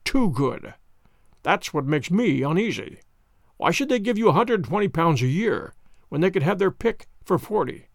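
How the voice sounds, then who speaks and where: A man reading the part of a grave, brilliant detective in a storybook, measured and authoritative. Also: sits high, big pitch swings, gravelly, no echo, studio quality, full character voice.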